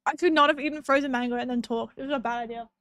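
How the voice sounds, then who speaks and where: Bubbly high-voiced woman streamer. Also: fairly even intonation, very fast, a bit bright, no echo. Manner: bubbly, giggly, greets chat members one by one. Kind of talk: casual live-stream chat.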